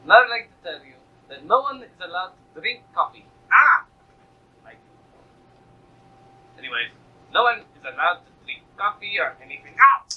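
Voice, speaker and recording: A man's voice: high-pitched, sing-song, moderate pace, pauses often, husky, pitched above the performer's own voice, exaggerated voice. A man voicing a pompous self-declared Spanish ruler in a fake Spanish accent, from a lo-fi video clip. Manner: bombastic decrees, clowning.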